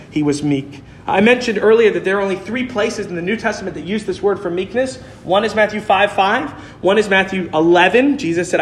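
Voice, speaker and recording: A man preaching a sermon, earnest and measured, reading scripture aloud. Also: high voice, slight background noise.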